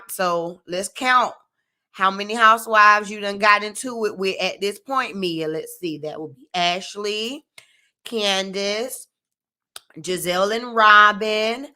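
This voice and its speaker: Bright-voiced chatty woman recapping TV. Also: medium pitch. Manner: chatty, addresses viewers directly, frequent "like" and "you know what I'm saying". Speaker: reality TV recap host. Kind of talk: casual live-stream episode recap.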